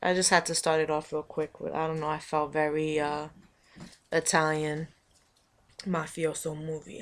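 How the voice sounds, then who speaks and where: A woman's voice: deep voice, little pitch movement, moderate pace. A young woman from the United States, chatting playfully on a webcam vlog in a room, rambling and jokey. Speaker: vlogger. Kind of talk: casual vlog chat.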